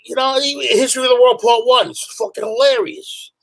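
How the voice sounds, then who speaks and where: A middle-aged New Yorker guesting on a show, this hardcore musician talks in an extremely high, gravelly, slightly bright voice at a brisk clip. He chats casually and tells stories in a profane, rambling way, and the recording quality is low.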